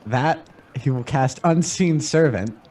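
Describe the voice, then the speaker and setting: A man plays in a tabletop game and often restarts his sentences as he thinks. His voice is slightly high and he sits a bit away from the microphone. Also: animated, slow pace, darkish tone, far from the mic. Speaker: player.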